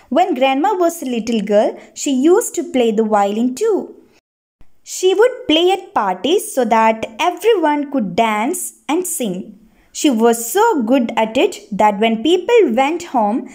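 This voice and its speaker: A woman teacher reads a children's textbook aloud and explains each passage in simple words, asking the class questions. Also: fairly high pitch.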